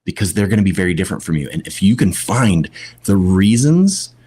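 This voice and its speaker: Husky low-voiced man, reflective podcast guest, deliberate delivery. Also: big pitch swings, mellow. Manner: reflective, deliberate, with drawn-out pauses. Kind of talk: conversational podcast talk.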